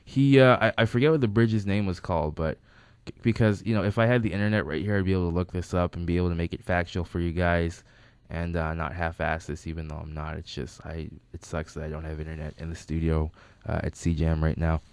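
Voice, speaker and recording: A man with a very low, smooth and resonant voice tells casual stories about a friend who has died. He rambles and restarts his sentences as he goes. The studio sound is dry and close. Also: fairly even intonation, fast, a little mellow, no echo. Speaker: friend giving a tribute. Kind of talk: casual storytelling. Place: recording studio.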